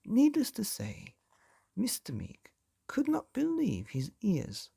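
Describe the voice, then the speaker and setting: Expressive male narrator for bedtime stories, lilting and animated, gravelly. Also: sits high, slow, dry recording, studio quality. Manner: lively, expressive storytelling. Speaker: bedtime story reader.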